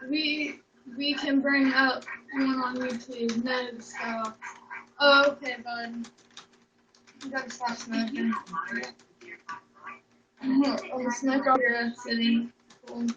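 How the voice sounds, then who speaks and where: A woman's voice: on the high side, flat delivery, slow pace, pauses often, background noise. A young woman chatting casually on a livestream, rambling, joking and swearing freely. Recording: echoey room, distant mic, dull sound.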